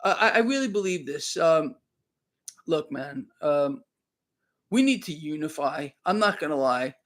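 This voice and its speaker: A man's voice: a little high, lively intonation, measured pace, a bit bright. A man talking fervently on a live stream, emphatic and repeating himself. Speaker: online commentator.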